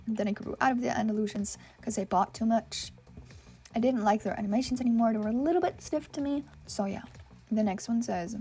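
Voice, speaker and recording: A young woman hosting a gaming channel, chatting excitedly and reacting to viewer submissions with lots of "oh my gosh". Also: a little high, fairly quick. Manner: reads viewer submissions aloud and reacts to them. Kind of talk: casual gaming commentary.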